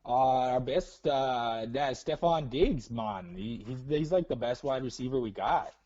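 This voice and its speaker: A man's voice: medium pitch, measured pace, warm tone, natural voice. A man on a call voicing a folksy man with a put-on Upper Midwest accent who keeps saying "bud.". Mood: pleading. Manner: drawling, says "bud" constantly. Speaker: caller. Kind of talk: comedic call-in bit. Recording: dull lo-fi call audio.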